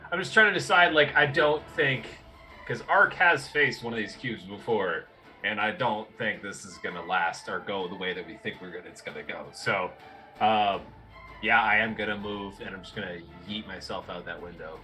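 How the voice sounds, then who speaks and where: A man's voice: on the low side, normal speed, sharp tone, faint music behind. A man playing a tabletop game, chatting casually and asking the game master rules questions. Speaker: player.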